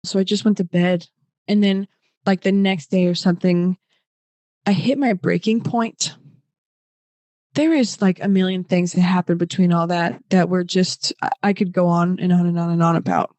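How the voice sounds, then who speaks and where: A young woman guest on a podcast, telling a personal story in an animated way, full of fillers and acted-out quotes. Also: on the low side, normal speed, no echo. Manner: animated, acts out quoted voices; many fillers like "like".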